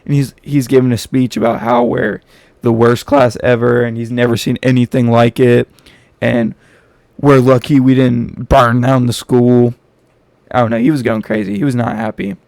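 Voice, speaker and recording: A man tells a personal story in an easygoing, slangy, self-mocking manner. His middle-pitched voice has a gravelly crackle. The recording is dry and close, with no room sound. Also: normal speed, a little mellow, dry recording. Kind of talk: casual story time.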